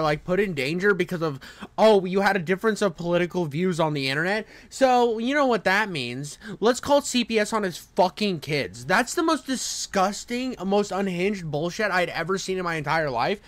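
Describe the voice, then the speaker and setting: A man's voice: high-pitched, a bit bright, dry recording. A man reacting to videos with profane, mocking rants as a streamer. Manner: ranting, crude, mocking.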